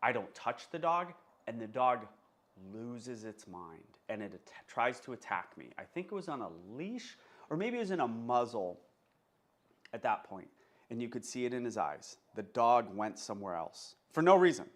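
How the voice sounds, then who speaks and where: A man's voice: medium pitch, very animated, moderate pace. A man, a dog trainer, giving an emphatic, unscripted talk and often stopping to check that his listeners follow. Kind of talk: casual instructional monologue.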